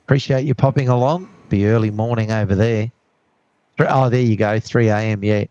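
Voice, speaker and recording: A man's voice: fairly low pitch, fairly even intonation, a little fast, a little mellow, no room sound, muffled recording. A man with an Australian accent, co-hosting an outdoor plane-spotting live stream, friendly and chatty as he greets viewers. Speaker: co-host reading live chat. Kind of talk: casual live stream chat. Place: outdoors at an airport.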